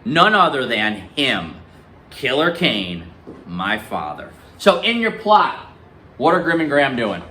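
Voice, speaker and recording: A man's voice: medium pitch, measured pace, slight background noise. A male teacher reading a novel aloud in a classroom and quizzing his students. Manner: lively, questioning students.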